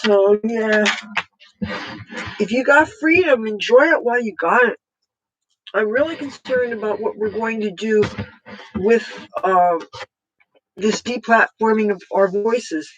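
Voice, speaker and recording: A political vlogger talking casually at home in a rambling, halting way with many fillers and restarts. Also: medium pitch, lo-fi sound, slight background noise.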